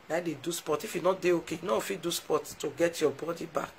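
This woman, speaking with a Nigerian Pidgin English accent, talks casually to her live stream audience, emotionally and warmly thanking them often. Her low, husky, creaky voice stays fairly even and moves quickly with few pauses, and the recording quality is low.

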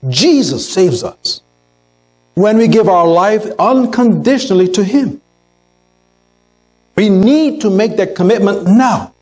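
Man, pastor, sermon, high voice, unhurried, earnest, voices quoted lines. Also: lively intonation, a little mellow, low-quality recording. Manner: earnest preaching, acts out quotes in a raised voice. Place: church sanctuary.

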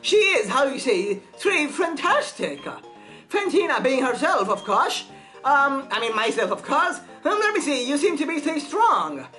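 A woman's voice: sing-song, measured pace, bright, forceful tone, soft background music, heavily acted. A woman voicing a flamboyant female gym leader with a put-on French accent, giggly and theatrical. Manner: theatrical, giggly, swooping pitch.

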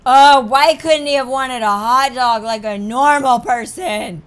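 Narrating a gaming video, a young woman voices the in-game dialogue and tosses in jokes and casual swearing along the way. She has a high, clear, resonant voice and takes her time.

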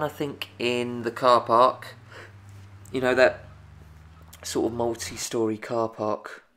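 Gravelly Essex man, slow gaming chat. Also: on the low side. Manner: chatty, excitable, talks to viewers. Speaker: gaming YouTuber. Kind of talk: let's play commentary.

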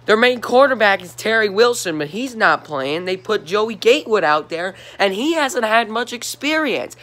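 A man's voice: high-pitched, lively intonation, normal speed, fairly bright tone. A man from Georgia in the US, hosting his own sports talk vlog and ranting in disbelief, with lots of repeated questions. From Georgia, USA. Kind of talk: solo sports rant vlog.

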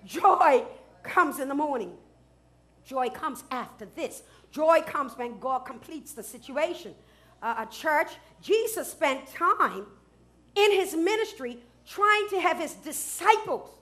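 A middle-aged woman pastor preaching a sermon in church, building to shouts and drawing call-and-response from the congregation. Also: high-pitched, lively intonation, takes it slowly.

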